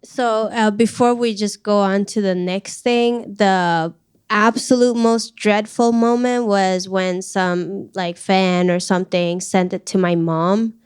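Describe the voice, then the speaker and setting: A woman guest in an interview, telling her own story candidly with many fillers and halting restarts. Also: mid-range voice, fairly even intonation, darkish tone, smooth. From Iran. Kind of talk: emotional personal interview.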